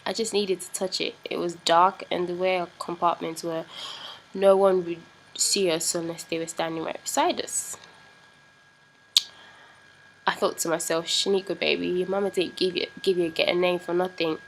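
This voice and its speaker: A woman putting on a British accent to tell a racy romance story in a dramatic, hushed way. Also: lowish voice, level tone, moderate pace, a little hiss or hum, natural voice, low-quality recording. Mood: sultry. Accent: put-on British.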